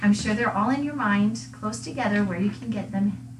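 A woman's voice: mid-range voice, normal speed. A woman playing a tabletop game in character, teasing and playful. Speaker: player. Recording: distant echoey room with noise.

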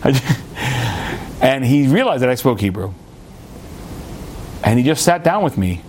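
A young American man giving a storytelling Torah talk, chatty and animated, with restarts and asides. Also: medium pitch, unhurried, slight background noise. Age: young adult. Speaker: rabbi.

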